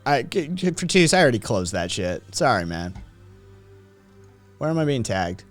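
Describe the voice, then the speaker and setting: A man's voice: medium pitch, big pitch swings, normal speed, faint music behind. Profane, sardonic man reading chat on stream. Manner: profane, sardonic, reacts aloud while reading statistics. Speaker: livestream host reading chat. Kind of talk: casual livestream commentary.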